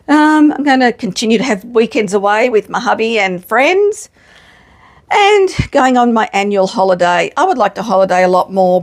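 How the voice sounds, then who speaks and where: A middle-aged woman, chatting casually to camera in a frank, self-mocking way and swearing freely. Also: fairly high pitch. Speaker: vlogger. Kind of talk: casual chat.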